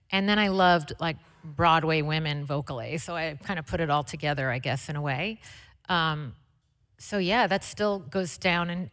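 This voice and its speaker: A woman guest telling stories in a chatty, excitable way with lots of fillers, speaking onstage at a live conversation event. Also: fairly low pitch. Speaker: interview guest, singer. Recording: long hall reverb.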